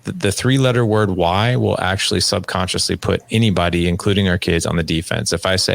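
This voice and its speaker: A man's voice: sits low, fairly quick, creaky. A man in his forties, a podcast guest coaching fathers, telling stories and acting out dialogue in casual conversation. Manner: animated storyteller acting out dialogue.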